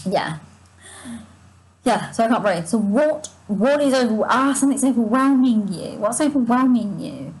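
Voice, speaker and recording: Halting, breathy-throated woman tarot reader. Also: fairly high pitch, expressive, darkish tone, poor audio. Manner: halting and searching, full of restarts and asides to viewers; sighs and yawns while reading. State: sore throat, short of breath. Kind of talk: spontaneous spiritual reading to viewers.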